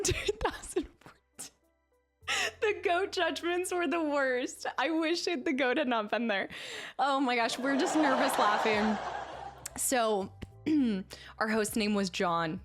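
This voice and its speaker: A young woman streamer chatting casually, telling a long story with lots of laughter. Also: a little high. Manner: animated storytelling, frequent laughter. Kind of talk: casual chat.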